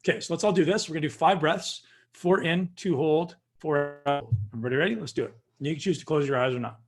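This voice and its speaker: A man guest on a video call, calmly guiding listeners through a breathing practice and addressing them directly. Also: a little high, fast. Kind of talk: coaching instruction.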